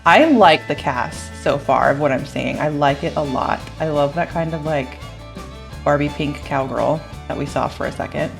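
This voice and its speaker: A woman's voice: low-pitched, normal speed, gravelly, faint music behind. A young woman YouTuber reacting to a game trailer in a bubbly, chatty way, gasping and giggling as she talks. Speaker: gaming YouTuber.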